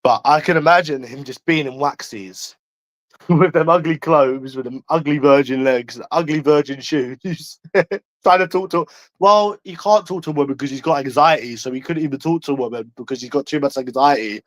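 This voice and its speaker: A man ranting to camera in a taunting, profane way, tagging lines with "mate" and swinging between loud and hushed. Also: mid-range voice, fairly quick, few pauses, no room sound. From London. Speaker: vlogger.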